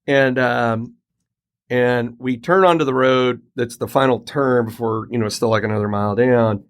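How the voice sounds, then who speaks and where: A middle-aged man hosting a podcast, telling a casual story in an animated way and acting out the quoted lines. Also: mid-range voice, normal speed. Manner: animated anecdote teller, acts out quoted dialogue. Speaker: podcast host. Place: Colorado home.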